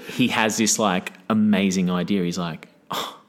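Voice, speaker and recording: A man's voice: low-pitched, fairly even intonation, slow pace. A man telling a long, crude anecdote in a casual chat, swearing freely and breaking off with laughs and "right?" asides. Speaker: podcast guest. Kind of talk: casual storytelling.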